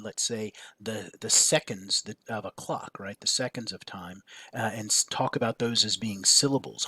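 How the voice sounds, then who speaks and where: A man's voice: medium pitch, sharp tone, dry recording. A male teacher explaining a lesson, hesitant, with many fillers and restarts and frequent checks of "right?". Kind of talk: recorded classroom lecture.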